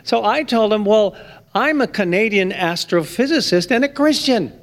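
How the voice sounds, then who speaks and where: A man preaching a sermon, with emphatic stress that climbs high on key points. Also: expressive, moderate pace. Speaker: pastor.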